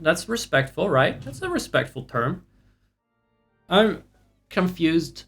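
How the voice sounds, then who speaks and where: A man's voice: a little high, lively intonation, slow pace, long pauses, a bit bright, soft background music. A man streaming live and chatting casually with viewers, rambling, sarcastic and profane.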